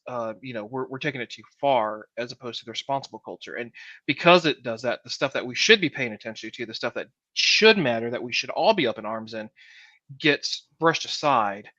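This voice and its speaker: A man's voice: medium pitch, sharp tone, no room sound, dull audio. A man co-hosting a podcast, talking casually and rambling, often repeating words while he gathers his thoughts. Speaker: podcast co-host.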